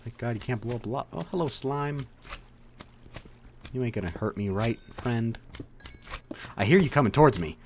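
A young man commentating his survival game, swearing often, talking to the monsters and bursting into loud outbursts. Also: medium pitch, moderate pace, long pauses, background noise. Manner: swears a lot, animated outbursts, talks to game mobs. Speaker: gaming video creator. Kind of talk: let's play commentary.

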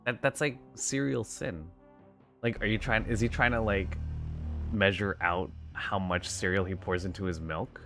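Playful male streamer who chats loosely with viewers; slow, lively delivery with soft music beneath. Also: deep voice. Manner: playful, rambling, talks to chat and pets. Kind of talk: casual gameplay stream chat.

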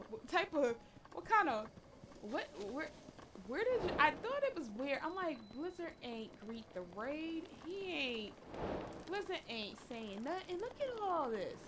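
Woman, live gameplay commentary, animated, noisy background. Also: high voice. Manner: animated, talks back to the game and chat, laughs often. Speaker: game streamer.

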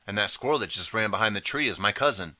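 A man's voice: lowish voice, expressive, quick pace, sharp tone, no room sound. A man voicing a teasing teenage boy who mocks a stranger's story. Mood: mocking. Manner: mocking, teasing.

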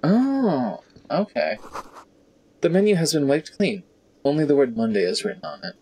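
A man's voice: fairly high pitch, very animated, normal speed, warm tone, slight background noise. A man streaming a video game, reading the text aloud and commenting casually and animatedly, swearing now and then, into a studio mic.

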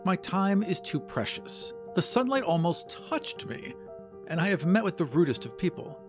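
A man's voice: high-pitched, sing-song, moderate pace, pitched above the performer's own voice. A man putting on a prim, haughty woman. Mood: indignant. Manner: fussy, indignant, superior. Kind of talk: audio drama. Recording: voice over music.

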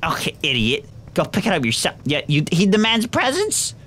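A woman hosting gameplay commentary, excitable and reactive, often breaking into shouts. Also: on the low side, moderate pace, slight background noise. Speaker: gaming video host. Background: game music.

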